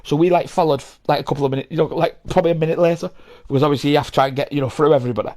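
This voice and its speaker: A man's voice: a little high, fairly even intonation, very fast, a little mellow. A young man hosting a podcast, telling rambling, sweary stories with frequent laughs and acted-out voices. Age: young adult. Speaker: podcast host. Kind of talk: casual storytelling.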